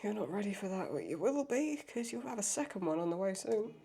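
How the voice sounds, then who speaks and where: A young woman with a husky, breathy voice, sick with a cold, talks through her reaction to a show. Her tone is dark and mellow, bursting into exclamations and swearing as the scenes unfold. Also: medium pitch, very animated, brisk. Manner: emotional, exclamatory, swears often. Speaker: reaction video host. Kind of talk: casual reaction commentary.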